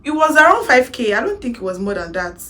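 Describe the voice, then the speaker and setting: A woman in her twenties with a Nigerian accent, telling her own story in a casual vlog, animated and slipping into Pidgin phrases. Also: a little high, quick pace. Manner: animated, mixes in Pidgin, laughs to hold back tears. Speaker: makeup artist vlogger.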